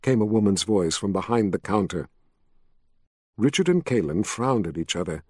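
A man narrating a fantasy novel in a steady, measured storytelling voice. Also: lowish voice, husky, dry recording, clean studio sound. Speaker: audiobook narrator. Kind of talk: scripted narration.

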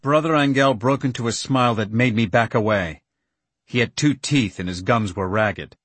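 A man narrating a story in the first person with an earnest, steady storytelling manner. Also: mid-range voice, normal speed, dry recording. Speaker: audiobook narrator.

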